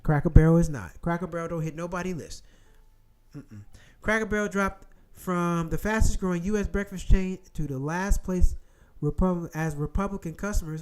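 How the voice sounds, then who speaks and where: A man who rants through the headlines in an animated, profane way, repeating his points. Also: on the high side. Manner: animated, profane, repetitive rant. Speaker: commentary channel host. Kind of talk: ranting commentary, reading headlines.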